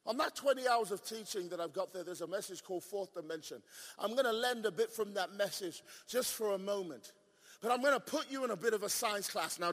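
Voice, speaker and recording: Male preacher, very high and sharp-toned, shouts then drops low, quizzes the audience, recorded with long reverb in a hall. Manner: swings from shouted declarations to low, drawn-out asides; asks the audience questions and leans on repetition. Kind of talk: sermon.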